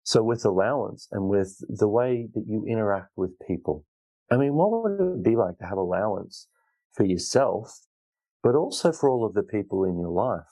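A man's voice: fairly low pitch, lively intonation, normal speed, dark tone, low-quality recording. A man hosting a solo self-help podcast, talking in an earnest, rambling way with frequent restarts. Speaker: podcast host. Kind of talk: reflective solo podcast talk.

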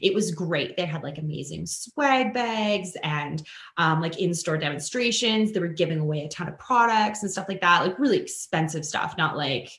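A woman from Canada tells a story as a podcast guest, her voice sitting on the low side. She acts out the people she quotes with sudden leaps in pitch. The recording has a roomy echo. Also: expressive, normal speed, a bit bright. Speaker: guest, influencer and author. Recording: roomy echoing room.

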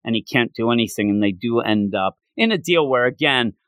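Man, animated podcast co-host, casual recap with quick character bits, dry close sound. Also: mid-range voice, no echo. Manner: animated, acts out character lines in quick voices. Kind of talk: casual discussion of a manga chapter.

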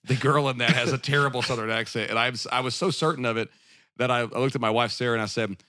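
A man hosting a relaxed podcast conversation, talking in loose, rambling bursts with plenty of restarts and easy laughter. His voice sits at an ordinary middle pitch, recorded close and dry with no room sound. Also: quick pace, dry recording. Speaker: podcast host. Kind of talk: casual chat.

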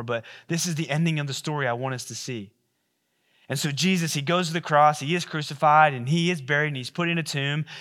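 A male pastor preaching a sermon, retelling the story in a casual, animated way with playful asides. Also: a little high.

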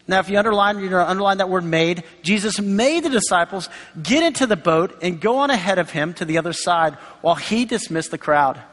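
A man's voice: high voice, expressive, brisk, fairly bright tone. A man preaching a sermon in a conversational way, acting out quoted voices along the way. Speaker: pastor. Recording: long hall reverb.

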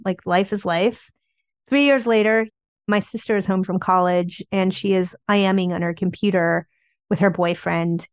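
A woman author telling candid family stories in an interview, chatty and animated, often saying "like". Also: mid-range voice, smooth, dry recording, studio quality. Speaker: memoir author guest.

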